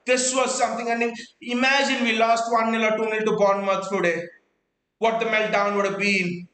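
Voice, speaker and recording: A man reacts live to a football match as host of a fan watchalong, his voice pitched high and ringing around an echoey room. He is out of breath and excitable, repeating words and stumbling as the thoughts rush out. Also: normal speed.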